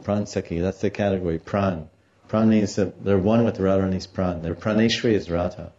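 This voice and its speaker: A man's voice: sits low, fairly even intonation, brisk, dark tone, lo-fi sound. A man giving a devotional scripture lecture. He tells stories and explains Sanskrit terms along the way. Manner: storytelling, explaining Sanskrit terms, acts out quotes. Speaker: religious teacher.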